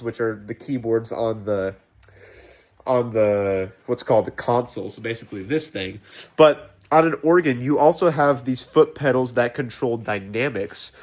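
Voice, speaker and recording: A man's voice: medium pitch, darkish tone. Rambling man giving casual choir feedback. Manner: rambling, many fillers and restarts; enthusiastic about music details. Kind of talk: casual spoken critique and explanation.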